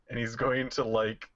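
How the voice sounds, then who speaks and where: A man's voice: mid-range voice, fairly bright tone, no room sound. Hesitant man playing a tabletop game, dry sound. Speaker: player. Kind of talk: casual role-play chat. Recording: dry, muffled lo-fi voice chat.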